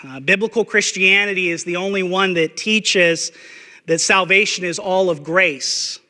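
A man's voice: sits high, pushed and bright, long reverb tail. A man preaching a sermon as pastor, blunt and emphatic, repeating key phrases, with frequent "uh" fillers.

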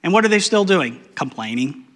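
Brief: high-pitched male pastor, casual and emphatic, echoing sanctuary sound. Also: big pitch swings, moderate pace. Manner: conversational, playfully emphatic, trails off into soft repetitions. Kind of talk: sermon with Bible reading.

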